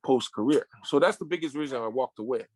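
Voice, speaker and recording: A man in his fifties, a retired sumo wrestler, telling his story in an interview with emotional, halting restarts and casual slang. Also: mid-range voice, a little hiss or hum. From Samoan family.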